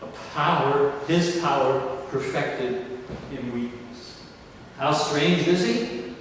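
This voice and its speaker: An older male pastor delivering a slow, emphatic sermon, his voice rising on exclamations. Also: mid-range voice, slight background noise. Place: large church or banquet hall. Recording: distant, echoey hall recording.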